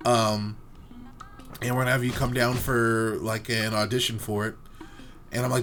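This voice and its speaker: A man's voice: medium pitch, fairly even intonation, brisk, fairly bright tone, soft background music. A man co-hosting a gaming show, telling a long, rambling story full of fillers. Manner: rambling, filler-heavy anecdote. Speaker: let's play co-host. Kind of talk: casual storytelling while gaming.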